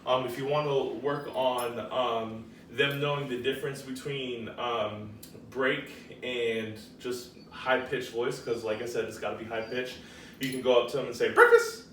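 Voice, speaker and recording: A man's voice: medium pitch, fairly even intonation, unhurried, recorded from a distance, slight background noise. A man gives a casual dog training lesson. He speaks plainly and fills his explanations with ums. He is recorded from a little way off in a roomy space with faint background ambience. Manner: gives firm short commands, then chatty explanation with many ums.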